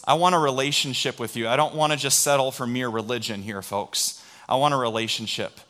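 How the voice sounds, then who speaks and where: A man voicing Jesus, speaking softly and earnestly, with a warm invitation. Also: mid-range voice, steady tone, a little fast, voice pushed down, lightly acted. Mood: gentle. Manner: soft, earnest. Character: loving male Jesus, inviting and gentle.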